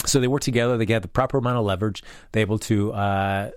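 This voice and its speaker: Man, lowish voice, dry close sound, casual rambling episode recap. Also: fairly even intonation, fast talker, few pauses, smooth, no room sound. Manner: rambling, many fillers and restarts.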